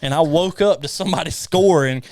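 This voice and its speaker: A man hosting a faith podcast in casual chat, animated and laughing often. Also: on the high side, fairly quick, no room sound. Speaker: podcast host. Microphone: studio mic.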